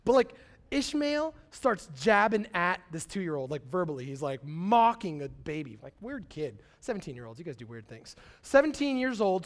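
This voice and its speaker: A young man preaching a sermon in a casual, animated storytelling way, full of slang and acted-out quotes. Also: sits high. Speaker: pastor.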